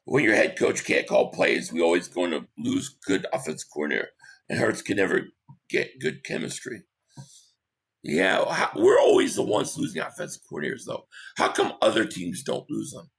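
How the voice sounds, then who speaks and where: Hoarse, gravelly man chatting live. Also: low-pitched, wildly swooping pitch. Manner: opinionated, quick agreement with viewers. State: hoarse, losing his voice. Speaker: live stream host. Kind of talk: casual live stream chat reading viewer comments.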